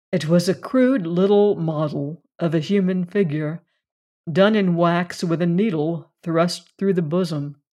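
A reader giving a measured, scripted narration of a classic mystery story. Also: medium pitch, darkish tone. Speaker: audiobook reader.

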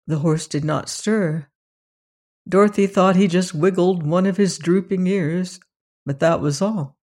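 An audiobook narrator reading a children's story in an even, measured way. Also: medium pitch.

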